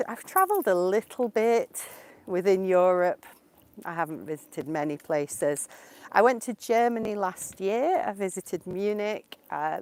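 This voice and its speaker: A woman's voice: fairly low pitch, dry recording. A woman, answering viewer questions in a casual live-stream lesson while walking outdoors in the countryside. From England. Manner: slow, clear and explanatory, answering viewer questions. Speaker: English teacher. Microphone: portable mic while walking.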